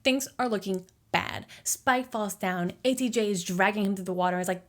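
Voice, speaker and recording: A young woman talks through a film's plot in a casual, jokey way. Her delivery is slangy and playful, with plenty of asides, at a mid-range pitch. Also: a little fast, hardly any pauses. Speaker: movie recap creator. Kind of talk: casual movie explainer.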